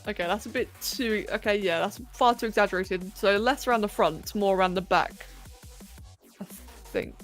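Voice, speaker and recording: While sculpting, a woman hosting a live stream chats casually, thinking aloud with self-mocking humour. Her mid-range voice moves at normal speed, with faint electronic music in the background.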